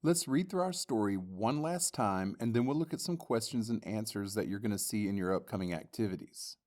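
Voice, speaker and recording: A man teaching a language lesson, reading vocabulary words and their meanings slowly and deliberately as scripted instructional narration. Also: fairly low pitch, animated, darkish tone.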